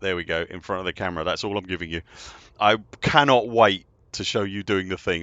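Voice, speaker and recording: A chatty man hosts his game stream, excitable and quick to laugh at himself. His voice sits low but comes across forceful and bright. The sound is dry and a little muffled, like a modest home setup. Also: no room sound. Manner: chatty and excitable, laughs often, self-deprecating. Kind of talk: casual live-stream chat.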